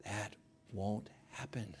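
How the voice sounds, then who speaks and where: A male pastor preaching a sermon, emphatic and rising to forceful peaks, acting out quoted prayers with mock pleading. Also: fairly low pitch, steady tone, slow pace, a little hiss or hum.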